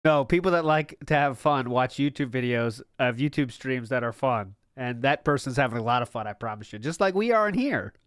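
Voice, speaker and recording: A man's voice: mid-range voice, animated, brisk, few pauses, no echo. A man hosting a podcast watch party, giving mocking, sarcastic commentary and laughing often. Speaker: podcast host reacting to a stream.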